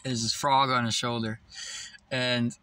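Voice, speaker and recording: Excitable young man rambling outdoors. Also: mid-range voice, unhurried, smooth. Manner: rambling, excitable, swears freely. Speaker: vlogger. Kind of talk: casual vlog storytelling. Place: outdoors by a tree near his parked car.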